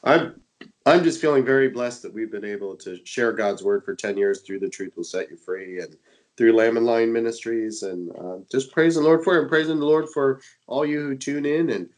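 A man from the Dallas, Texas area co-hosts a religious radio show, sounding stuffy and congested from a cold. An internet evangelist, he talks eagerly with many fillers at a medium pitch, and the recording is rough.

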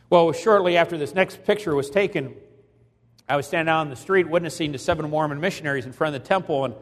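A man's voice: fairly high pitch, big-room sound. A man preaching a sermon, telling a story dramatically and acting out the quotes with emphasis. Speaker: evangelist preacher.

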